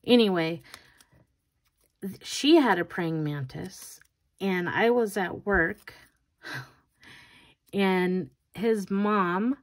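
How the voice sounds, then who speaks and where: An older woman, a grandmother and nail art vlogger, chats casually while doing her nails, telling a rambling story with laughter and restarts. Her medium-pitched voice moves very slowly, with frequent pauses.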